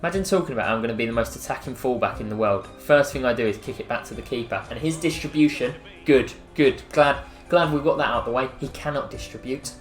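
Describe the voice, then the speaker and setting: An English man talks through a football video game in a chatty, self-mocking way, quick to get excited. His mid-pitched voice rings in an echoey room. Faint music plays under him. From England. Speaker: gaming YouTuber. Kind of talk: casual gameplay commentary.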